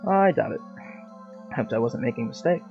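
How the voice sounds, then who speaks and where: Brief: gamer reading a story game aloud, expressive with swearing asides, gravelly, lively pitch; dull lo-fi sound with faint game music. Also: male voice, a little fast.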